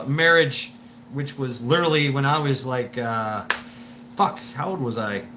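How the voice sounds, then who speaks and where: A man's voice: mid-range voice, pushed and bright, slight background noise. A man hosting a live stream, telling a story in a rambling way with swearing, laughs and many restarts.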